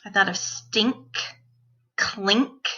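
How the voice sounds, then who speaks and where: Woman teacher for a children's phonics lesson: unhurried, crisp and bright, careful sound-by-sound delivery, slightly dull lo-fi recording. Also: medium pitch. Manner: slow, clear, deliberate sounding-out of phonemes.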